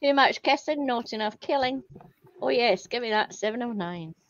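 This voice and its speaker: A woman's voice: fairly high pitch, expressive, normal speed, muffled recording. A Scottish woman chatting crudely and giggling while reading party game prompts aloud on a stream. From Scotland.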